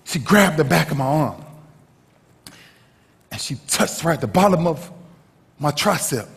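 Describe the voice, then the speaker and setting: Male motivational speaker, dramatic storyteller, very animated delivery in a reverberant hall. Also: measured pace, creaky. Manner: dramatic storyteller, swinging from shouts to hushed lows. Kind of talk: motivational speech to a live audience.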